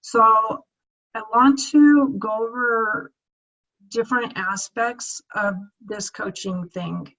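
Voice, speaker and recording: A woman's voice: fairly high pitch, animated, takes it slowly, a bit bright, lo-fi sound. A woman in her fifties giving a heartfelt coaching talk to her team, earnest and close to tears, repeating herself as she speaks. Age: 50s. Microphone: screen-share video recording.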